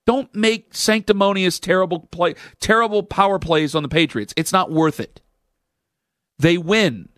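A man's voice: high voice, a little slow, a bit bright, dry recording, clean studio sound. A man hosting a sports talk radio show, delivering a sarcastic, opinionated rant.

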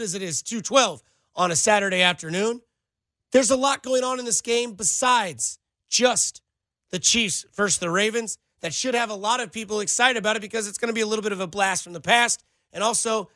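A man's voice: sits high, a little fast, sharp tone, no room sound. A man hosting sports talk radio, sarcastic and ranting as he answers listener texts. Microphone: studio microphone.

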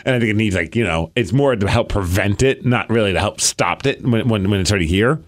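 A man co-hosting a podcast in casual chat, telling animated stories while complaining about a painful sore mouth. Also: on the low side, fast talker. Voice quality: sore mouth from canker sores. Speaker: podcast co-host.

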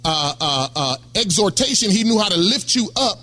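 A man's voice: high voice, expressive, moderate pace, bright, forceful tone. A middle-aged man preaching a sermon in a conversational way, often calling out to the congregation. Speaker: pastor.

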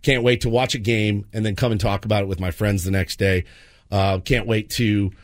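A man's voice: on the low side, steady tone, normal speed, no echo. Earnest forties man, dry studio sound. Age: 40s. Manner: earnest and emotional, rambling with restarts. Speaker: radio sports show host. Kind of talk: heartfelt on-air talk. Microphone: studio microphone.

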